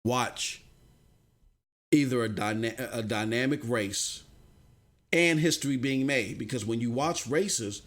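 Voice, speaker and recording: A man hosting a gaming news live stream, ranting casually with slang, swinging from low muttering to shouting. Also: takes it slowly, long pauses.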